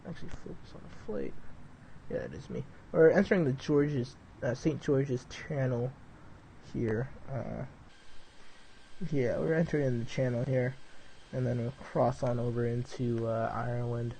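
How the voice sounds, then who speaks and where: A young man in casual live-stream chat, wandering from flight checks to talk with his viewers. His voice is warm and mellow at an ordinary middle pitch. He rambles loosely, leaning on "dude" and "like". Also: fairly even intonation, a little slow, slight background noise, rough recording.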